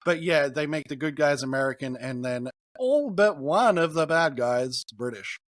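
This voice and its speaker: A man co-hosting a movie podcast makes wry, quick asides in a slightly high voice. The sound is dry and close, with no room around it. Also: lively intonation, no echo. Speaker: podcast co-host. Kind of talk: casual movie review chat.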